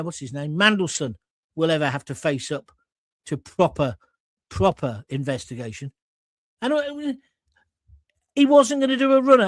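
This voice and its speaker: A man's voice: high-pitched, no room sound. A middle-aged man hosting a live political chat show, reading out viewer comments with blunt, sardonic asides that wander off topic. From England.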